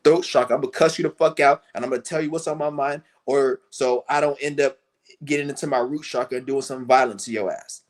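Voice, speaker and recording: A man streaming a furious, cursing rant who mocks the people he criticizes in shrill put-on voices. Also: steady tone, quick pace. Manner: angry, cursing, mocking; breaks into high mocking impressions of others. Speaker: livestream host. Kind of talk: profane rant to camera.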